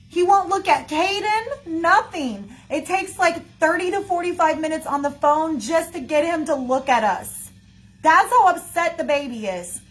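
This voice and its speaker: A woman's voice: high voice, a little slow. A woman in her thirties speaking emotionally in a casual livestream, often calling her viewers y'all.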